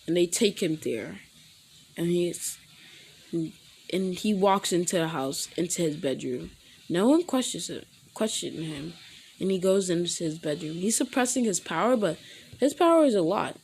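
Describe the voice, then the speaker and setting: A woman's voice: on the low side, expressive, measured pace, gravelly, a little mellow, husky. A woman casually improvising a story, rambling and correcting herself as she goes.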